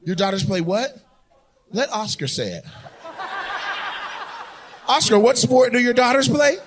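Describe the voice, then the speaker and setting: A man doing stand-up crowd work on stage, loudly teasing and mocking audience members with banter. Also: very high voice, animated, measured pace, background noise. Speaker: stand-up comedian. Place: comedy club stage. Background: audience laughter.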